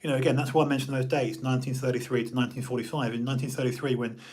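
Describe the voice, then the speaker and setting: A middle-aged man with a British accent, talking off the cuff on a live stream. His voice is a touch husky and sits at an ordinary middle pitch. He rambles, jokes and restarts his sentences often, animated and chatty throughout. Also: very fast. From United Kingdom. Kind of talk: casual rambling monologue.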